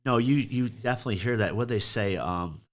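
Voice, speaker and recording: A man's voice: on the low side, brisk. A middle-aged man who owns a truck repair shop, telling blunt and profane stories on a podcast and acting out calls with customers. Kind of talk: casual podcast storytelling.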